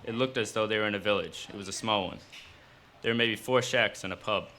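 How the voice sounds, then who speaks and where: A man reading his own fiction aloud at a live cafe event, in steady storytelling narration. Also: lowish voice, fairly quick, slight background noise.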